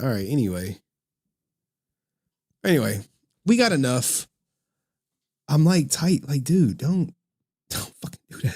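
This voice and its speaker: A man streaming live, giving commentary in an animated, exasperated rant with frequent swearing. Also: medium pitch.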